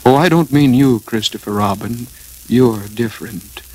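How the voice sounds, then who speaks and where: A man voicing a gloomy, self-pitying old donkey in a slow, melancholy drawl with a husky voice. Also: medium pitch, darkish tone, lightly acted, low-quality recording.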